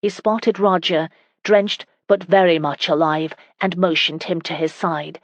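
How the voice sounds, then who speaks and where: Woman reading romance audiobook, steady, a bit low pitched. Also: measured pace, dry recording. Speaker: audiobook narrator. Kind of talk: scripted narration.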